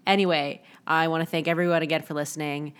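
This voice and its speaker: A woman's voice: deep voice, little pitch movement, quick pace, clear, resonant tone. A young woman hosting a casual solo podcast, rambling with many fillers and poking fun at herself. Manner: rambling, frequent "like" fillers, self-mocking. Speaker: podcast host.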